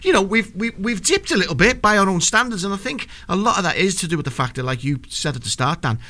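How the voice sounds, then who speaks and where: A man's voice: high voice, very animated, fast, bright, forceful tone. A man, co-hosting a casual football chat and telling rambling anecdotes with lots of restarts. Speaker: podcast co-host.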